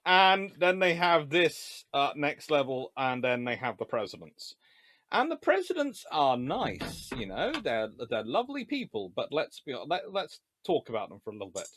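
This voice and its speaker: A man giving a live-streamed history lecture. He talks in an animated, joking way and often wanders into digressions. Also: a little high, moderate pace. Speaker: history lecturer and channel host.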